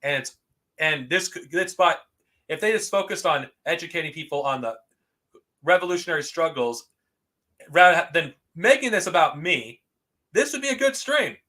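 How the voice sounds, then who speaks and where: A man's voice: fairly high pitch, big pitch swings, normal speed, pushed and bright. A man streamer reacting to a stream about himself, talking back indignantly and swearing as he defends his views. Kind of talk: angry reaction commentary.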